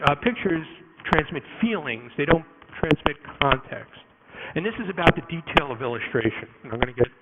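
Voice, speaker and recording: A man giving a live conference talk to an audience, animated and jokey, with quick asides and many restarts. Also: a little high, heavy background noise. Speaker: conference speaker. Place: conference room before an audience.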